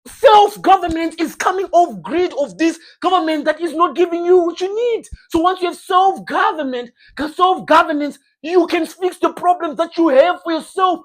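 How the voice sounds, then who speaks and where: A preacher giving an informal sermon in an emphatic, repetitive style, often acting out short comic exchanges. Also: extremely high pitch. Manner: emphatic, repetitive, uses comic role-play.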